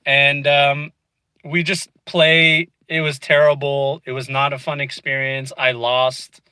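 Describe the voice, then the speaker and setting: Bright-voiced man venting in a car. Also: medium pitch, flat delivery, takes it slowly, smooth, dry recording, low-quality recording. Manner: chatty, frustrated, peppered with "dude" and "you know what I mean". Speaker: vlogger. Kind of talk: casual storytelling. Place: inside a car.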